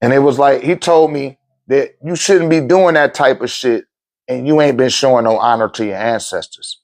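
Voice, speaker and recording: A man's voice: medium pitch, normal speed. A man telling a personal story at a live talk in a loose, profane way, acting out the other people's voices as he goes.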